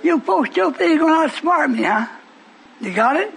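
A man preaching a sermon in a church, fervent, breaking into shouts and teasing the congregation. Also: very high voice, lively intonation, moderate pace, vocal fry, poor audio.

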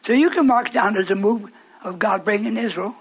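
A man's voice: high voice, brisk, a crowd in the background. A man preaching a sermon with fervor, retelling scripture and repeating phrases for emphasis. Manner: fervent, repetitive, quoting scripture.

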